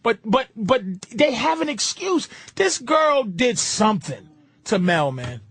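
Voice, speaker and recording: A podcast host telling stories in a casual, profane way, acting out what people said. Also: male voice, very high voice, slow pace, slightly rough, no echo. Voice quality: animated, acts out quotes.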